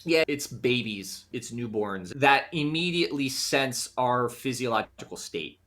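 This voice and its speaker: An American man, a guest in an interview, explaining his ideas in an animated way and often acting out quoted voices. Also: medium pitch, unhurried. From United States. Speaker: guest, conflict resolution practitioner. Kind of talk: conversational interview.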